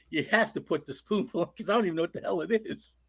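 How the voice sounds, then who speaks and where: A man on a talk panel who answers with lively, laughing chatter. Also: high voice, fast, creaky, husky, dry recording. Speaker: panel guest. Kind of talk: comedic chat.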